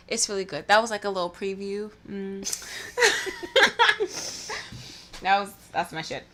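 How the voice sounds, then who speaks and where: A woman from Southern Maryland co-hosting a podcast, reading listener comments in a giggly, excitable, casual way with some swearing. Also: fairly low pitch, a little slow. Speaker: podcast co-host.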